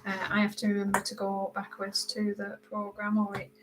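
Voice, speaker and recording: A British livestream host colors while chatting casually, calling viewers by name and answering their comments, her voice often softening as she concentrates. Her medium-pitched delivery is brisk and completely flat. She talks over music, and the recording is low quality.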